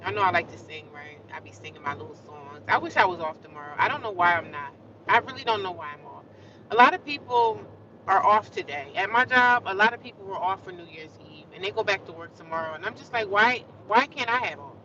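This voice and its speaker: A woman's voice: medium pitch, animated, quick pace, pushed and bright, recorded from a distance, muffled recording. Chatty woman livestreaming on the street. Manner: chatty, talks straight to viewers, drifts into singing. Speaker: vlogger. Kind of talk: casual livestream chat.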